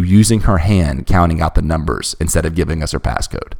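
Deep-voiced young man recounting a wild night. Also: fairly quick, gravelly, hardly any pauses, a little mellow. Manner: emphatic, restless retelling of a bizarre night. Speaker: storyteller guest. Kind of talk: casual storytelling chat.

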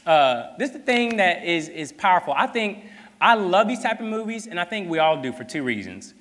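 A man preaching a sermon, telling a story in a casual, animated way full of fillers. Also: high voice, moderate pace, long reverb tail.

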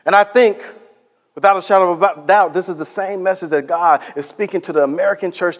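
A man's voice: high voice, fairly quick, long reverb tail. A man preaching a sermon, telling stories with emphasis and dropping to near-whispers for effect.

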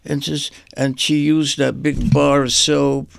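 An older man who is an artist, telling personal memories in a halting way and repeating words as he searches for them. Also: medium pitch, little pitch movement, creaky, no echo. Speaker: artist guest. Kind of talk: rambling personal reminiscence.

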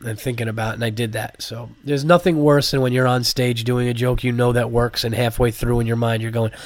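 Man, comedian podcast host, congested from a cold, casual rambling monologue, profane, fillers, mid-pitched voice, dry close sound. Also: no room sound.

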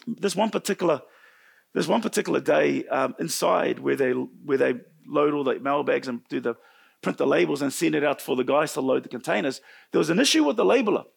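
A middle-aged man preaching a sermon in church, telling a personal story with animated swings from loud to hushed. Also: a little high, fairly quick, creaky, slightly rough. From New Zealand.

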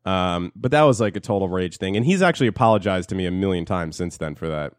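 A man with a New Jersey accent, co-hosting a podcast in casual chat, talking fast and swearing as he tells stories. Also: low voice, lively intonation, clean tone, dry recording, studio quality. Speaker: podcast co-host.

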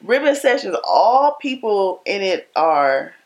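A young woman with a deep voice co-hosting a casual chat, laid-back, often trailing off mid-sentence. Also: sing-song, slow pace, a little mellow. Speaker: podcast co-host.

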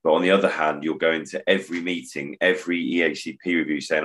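Man, very low voice, casual and plain-spoken. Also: steady tone, quick pace, fairly bright tone. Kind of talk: casual chat.

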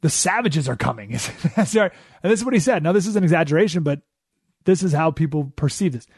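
A man hosting a talk radio show, telling a story in an animated way, swinging between loud emphasis and quiet asides. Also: on the high side, fairly quick, husky, no room sound, clean studio sound.

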